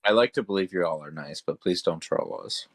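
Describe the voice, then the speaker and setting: A young man with a very low voice chats casually on a podcast, joking and letting his sentences trail off. The sound is close and dry. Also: brisk, no echo. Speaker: podcast co-host. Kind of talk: casual chat.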